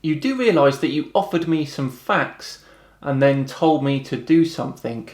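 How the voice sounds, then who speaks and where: A British man hosting a video, reading out rude comments and answering them with dry, deadpan mockery. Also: a little high, measured pace, reverberant. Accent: British English. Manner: dry, mocking, deadpan retorts. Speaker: host.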